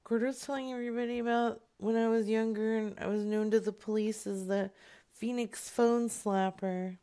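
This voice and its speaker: A woman's voice: on the high side, steady tone, normal speed, warm tone. A woman co-hosting, chatting in giggly, profane comedic banter. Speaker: podcast co-host.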